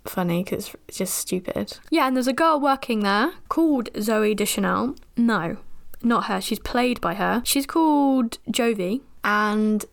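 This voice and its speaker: A woman's voice: fairly high pitch, animated, measured pace, gravelly. A young woman hosting a podcast and recapping a film in a chatty, rambling, self-deprecating way. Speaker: podcast host.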